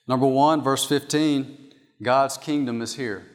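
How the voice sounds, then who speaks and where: A man's voice: mid-range voice, fairly even intonation, a little slow. A man preaching a sermon from an outline, emphatic and repeating his key points. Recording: long hall reverb.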